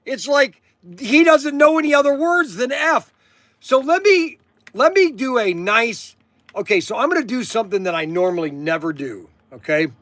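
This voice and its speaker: High-voiced man rambling on a livestream. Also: expressive, normal speed, fairly bright tone, no room sound. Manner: rambling, repeats himself, says okay often. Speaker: livestream host. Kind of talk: casual livestream chat.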